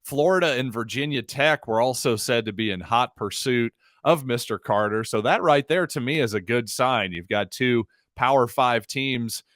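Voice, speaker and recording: A man's voice: mid-range voice, moderate pace, hardly any pauses, fairly bright tone, no room sound, clean studio sound. A man hosting a solo sports podcast, talking through the news in a conversational way with wry, sarcastic asides. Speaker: podcast host.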